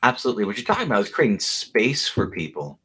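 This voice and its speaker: A man's voice: lowish voice, wildly swooping pitch, fast talker, fairly bright tone, breathy edge. Reflective male podcast host. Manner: reflective, restarts thoughts while framing questions. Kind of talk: conversational interview.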